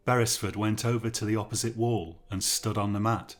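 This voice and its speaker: A male narrator reading a horror story aloud in scripted style. His voice sits on the lower side and moves at a measured, steady storytelling pace.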